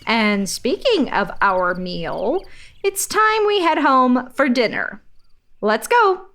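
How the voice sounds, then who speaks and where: A woman's voice: sing-song, takes it slowly, fairly bright tone, slight background noise, full character voice. Woman voicing a fussy mother hen. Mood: brisk. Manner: prim and reassuring, then shrill panic. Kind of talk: children's storybook reading.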